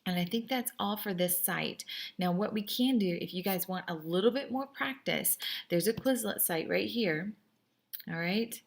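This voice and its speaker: Upbeat woman language teacher with a husky, gravelly voice, talking students through notes. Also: mid-range voice, normal speed. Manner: upbeat, chatty, encouraging. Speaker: French teacher. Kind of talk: recorded class lesson.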